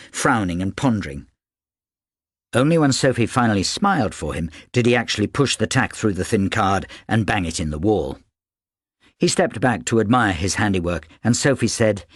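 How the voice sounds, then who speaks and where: A man narrating an audiobook in an expressive storytelling manner. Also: mid-range voice, no echo, studio quality. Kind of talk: scripted narration.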